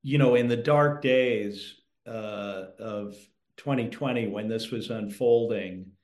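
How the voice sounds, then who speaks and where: A man, a guest author, answering an interview question in an earnest, halting way over a remote call. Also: fairly low pitch. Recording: echoey room.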